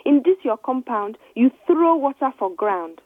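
A woman reading a storybook voices an angry, proud street-seller girl, sharp and resentful. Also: sits high, expressive, a little slow, slightly rough, dry recording, pitched above the performer's own voice, exaggerated voice. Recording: dry, tinny phone-like line.

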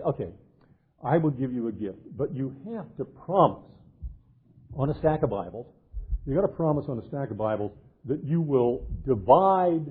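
An older man, a literature professor, giving an animated lecture and cheerfully acting out the characters of a medieval tale, reading old verse aloud. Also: medium pitch, breathy edge. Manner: jovial, acts out quoted characters, reads old verse aloud. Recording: tinny phone-like lecture recording.

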